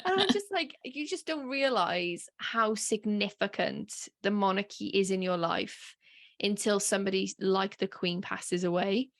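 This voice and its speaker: A woman's voice: mid-range voice, lively intonation, a little slow. Woman podcast co-host, chatty and emotional, mid-range voice, casual talk. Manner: chatty and emotional, with frequent fillers and laughs.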